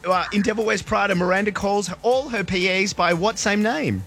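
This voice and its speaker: A man hosts a radio quiz with a croaky, high-pitched voice. He talks loud and upbeat and fires off questions quickly. A faint music bed plays under him. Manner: loud, upbeat, rapid-fire question reading. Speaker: radio host. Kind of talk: hyped-up radio quiz hosting.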